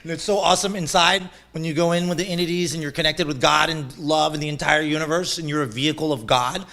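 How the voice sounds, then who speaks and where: Animated, laughing man telling stories. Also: fairly high pitch, fast. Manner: animated, laughs often, swears, acts out voices of others. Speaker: shaman guest. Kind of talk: casual storytelling interview.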